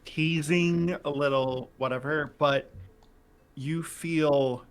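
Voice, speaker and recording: Slow, halting man describing his character. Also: a little high, steady tone. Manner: slow, halting, pauses to find words. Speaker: player. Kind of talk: describing his character's actions in a tabletop game. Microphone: online call microphone.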